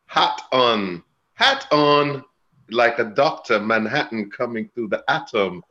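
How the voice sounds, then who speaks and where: A man reading spiritual cards who rambles in a chanting stream of wordplay, with sudden laughs and jumps in pitch. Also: big pitch swings, slow, sharp tone, muffled recording. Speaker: spiritual reader. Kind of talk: freewheeling mystical rambling.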